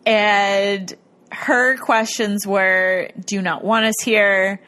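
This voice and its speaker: A woman's voice: mid-range voice, fairly even intonation, takes it slowly, sharp tone. Chatty woman rambling with lots of "like". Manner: rambling, lots of "like", bursts of laughter. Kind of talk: casual chat recapping a ghost-hunting show.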